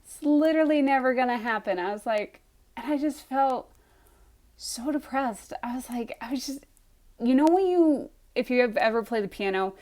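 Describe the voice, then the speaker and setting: Animated young woman, slightly high voice. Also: moderate pace. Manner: animated, acts out her own reactions with lots of "I was like". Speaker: aspiring author telling her story. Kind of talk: casual storytelling to camera.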